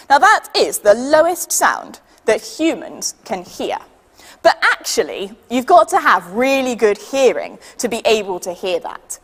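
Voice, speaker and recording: A woman with a British accent leading a children's science demonstration, patient and lively, counting down for the audience to join in. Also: fairly high pitch, big-room sound. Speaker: science workshop leader.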